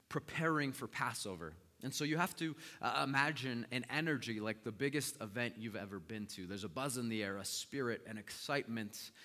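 Bright-voiced preacher in an echoing hall. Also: male voice, mid-range voice. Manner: dramatic storytelling, swinging from loud to hushed. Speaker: pastor. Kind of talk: sermon. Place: church sanctuary. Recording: long echoing hall reverb.

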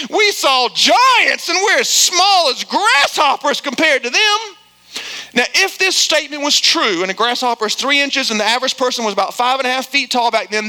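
A male pastor preaching a sermon, acting out quoted voices and dropping low for emphasis. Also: pushed and bright, rough recording.

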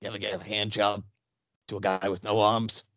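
A man putting on a creepy, sleazy voice, low and quick. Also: level tone, a bit bright, no room sound, highs cut off.

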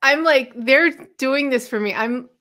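A woman from Tennessee co-hosting a podcast, telling stories in a casual, animated way and acting out the quotes. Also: high-pitched, unhurried. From Tennessee, USA. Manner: animated storyteller who acts out quotes. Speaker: podcast co-host. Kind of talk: casual chat.

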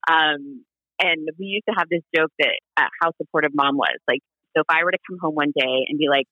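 A man from Hawaii, a podcast guest, telling family stories in a casual interview, animated and laughing, acting out quoted voices. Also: a little high, brisk, no echo, dull audio.

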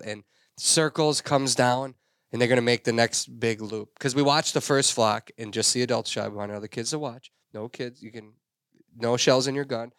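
A man of ordinary pitch hosts a casual podcast and tells a story with lively energy. The sound is dry and close, with no room around it. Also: no room sound. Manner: animated storyteller, gets loud and excited. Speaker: podcast host.

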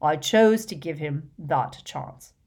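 A woman voicing a wise old male headmaster, speaking in a slow, deliberate, grave way. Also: low-pitched, animated, darkish tone, husky, full character voice.

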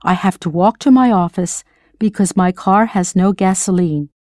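A scripted audio language lesson is guided by an encouraging, patient American woman who prompts the listener for answers. She keeps a moderate pace, and her middle-pitched voice is a little mellow. The sound is close and dry, with no room sound.

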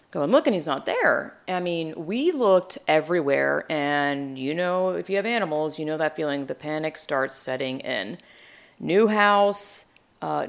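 Young woman, low and gravelly, casual rambling storyteller. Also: darkish tone. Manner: rambling, chatty, acts out quotes.

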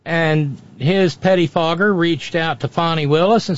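A man's voice: a little high, unhurried, hardly any pauses, no room sound, lo-fi sound. A man giving wry, storytelling commentary as a regular on a radio talk show, often restarting his sentences.

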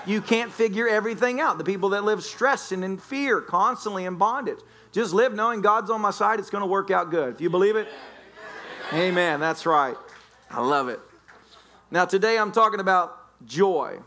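A man's voice: high voice, normal speed, sharp tone, slight background noise. A man preaching a sermon as a pastor, joking and playfully telling stories to the congregation. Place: church sanctuary.

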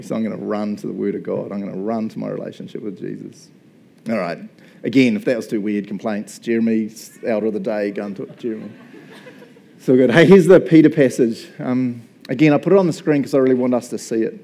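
A male pastor preaching a sermon in a casual, joking, animated way. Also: mid-range voice, a little fast, vocal fry.

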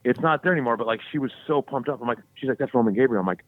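Profane, animated man telling stories, tinny sound. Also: mid-range voice, rapid-fire, dry recording. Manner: profane, animated storytelling with acted-out quotes. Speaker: podcast co-host. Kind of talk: casual podcast chat. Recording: dry, tinny phone-like sound.

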